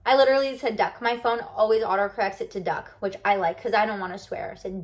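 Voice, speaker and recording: A woman's voice: mid-range voice, steady tone, fast talker. A bubbly woman vlogger talking casually and animatedly straight to her viewers. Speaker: lifestyle vlogger. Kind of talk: casual chat to camera.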